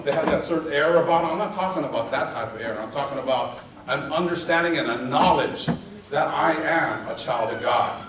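A man's voice: a little high, very echoey, recorded from a distance, slight background noise, rough recording. A man preaching a sermon to a congregation, stressing key words and calling for responses. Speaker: pastor. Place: church sanctuary.

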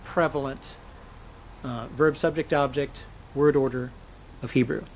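A man's voice: medium pitch, fairly even intonation, unhurried, a little hiss or hum, low-quality recording. A man, a scholar and interview guest, explaining grammar methodically and illustrating points with spoken examples.

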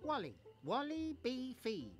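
A jumpy little pirate mapmaker. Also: male voice, extremely high pitch, wildly swooping pitch, a little slow, heavily acted. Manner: chatty, gossipy, nervous bluster. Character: small male pirate mapmaker, friendly but jumpy. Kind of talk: video game voice acting. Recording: game audio with music behind.

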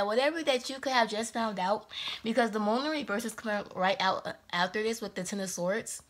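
A woman's voice: fairly high pitch, steady tone, brisk. Woman, tarot reader, casual rambling monologue, a bit out of breath, laughs a lot. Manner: chatty and rambling, laughs often.

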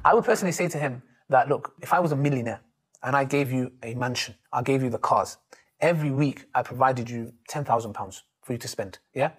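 A man, a street preacher answering interview questions and telling stories with animated quoted voices. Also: medium pitch, a little fast, husky. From Turkey.

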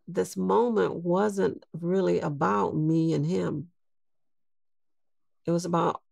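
Slow, gravelly older woman recalling. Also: on the low side, a little mellow, no room sound, studio quality. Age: 60s. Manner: slow, reflective storytelling. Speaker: guest. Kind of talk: storytelling interview.

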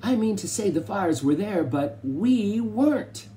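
Casting: man as a courteous, exact butler, mellow voice. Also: high-pitched, big pitch swings, a little slow, slight background noise, voice pushed up. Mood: formal. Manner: polite, precise. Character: formal, clever male butler.

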